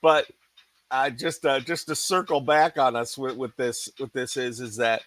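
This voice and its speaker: A man's voice: mid-range voice, level tone, measured pace, a bit bright, no room sound. A man co-hosting a salon industry podcast, ranting in casual chat with frequent restarts. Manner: ranting, many restarts and "you know". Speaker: podcast co-host.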